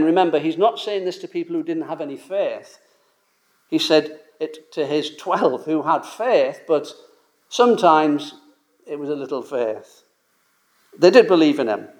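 A man's voice: a little high, darkish tone. A man preaching a sermon in a conversational, emphatic way, full of rhetorical questions and casual asides.

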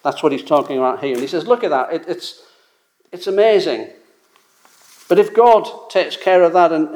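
Emphatic preacher, fairly high voice. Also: male voice, a little mellow. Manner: emphatic, rhetorical questions, conversational asides. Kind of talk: sermon.

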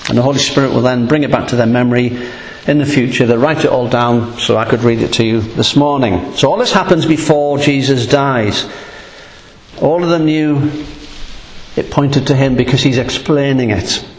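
A man delivers a sermon in a relaxed, conversational teaching manner, stressing key points by repeating words. His voice sits at an ordinary middle pitch. The sound carries through a large, echoing church hall with a long tail of reverb. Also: normal speed, slight background noise. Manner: conversational, emphatic teaching with repetition. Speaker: pastor.

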